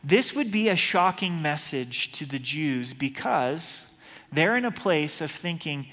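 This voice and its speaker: A man's voice: on the high side, animated, unhurried, fairly bright tone. Earnest male preacher in a reverberant hall. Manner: earnest, urgent preaching with repeated word starts. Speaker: pastor. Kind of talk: sermon.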